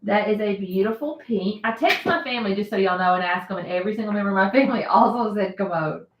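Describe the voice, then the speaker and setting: A woman's voice: medium pitch, quick pace, highs cut off. A woman hosting a casual live stream, chatting and laughing often as she answers viewer comments. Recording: roomy echo.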